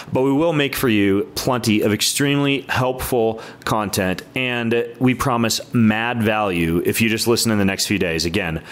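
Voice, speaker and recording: A man hosting a podcast intro, upbeat and teasing his co-host. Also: mid-range voice. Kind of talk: casual podcast intro chat.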